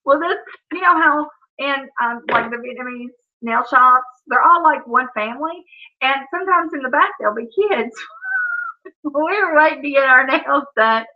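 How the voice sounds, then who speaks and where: A woman's voice: high voice, moderate pace. A woman, chatting casually on a live stream, reading comments and telling funny family stories with frequent laughter. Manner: laughs often, storytelling, says "Oh, Lord". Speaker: livestream host. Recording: dull lo-fi stream audio.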